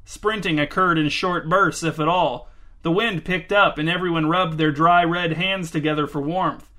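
A man's voice: fairly high pitch, fairly even intonation, moderate pace, sharp tone. A man reading a story aloud in a dry, wry narration. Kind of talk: scripted narration.

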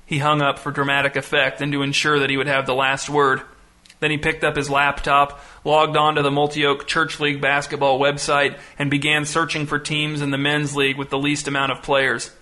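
A male narrator reading an audiobook with dry, deadpan timing. His voice is bright and forceful and sits slightly high for a man. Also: brisk.

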